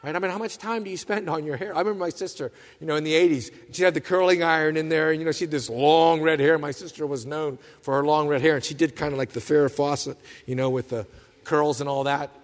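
A pastor preaching a sermon with passion, moving between hushed and loud, emphatic delivery. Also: male voice, a little high, fairly even intonation, fast talker, big-room sound.

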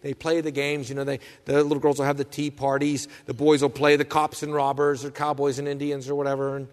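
A male pastor gives a sermon in a conversational, storytelling way. His voice sits a bit high, and he drops into the voices of the people he quotes. The sound carries a long reverb, as if from a large hall. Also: completely flat delivery, fairly quick.

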